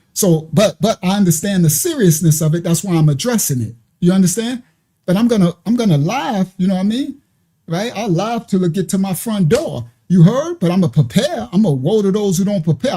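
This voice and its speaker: A man with a mellow, warm voice talks through clips in a preachy, conversational way. He keeps stopping to ask whether his listeners understand, and he drifts into asides. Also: high voice, husky. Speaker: online ministry commentator. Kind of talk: commentary reacting to played clips.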